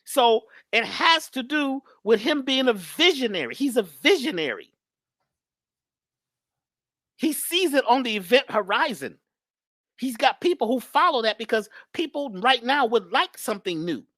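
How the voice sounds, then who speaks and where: A woman's voice: fairly high pitch, big pitch swings, normal speed, a bit bright, no echo, studio quality. A woman guest speaker talking in an emphatic, preachy but casual way about spirituality and love. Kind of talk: spiritual talk, casual conversation.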